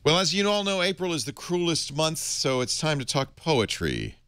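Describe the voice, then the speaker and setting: A man hosting a tech panel show, playful and hamming it up. His pitch swings wildly as he talks, and the sound is dry and close. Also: very animated, normal speed, pushed and bright, clear, resonant tone, no room sound. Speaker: podcast host. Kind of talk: casual panel chat.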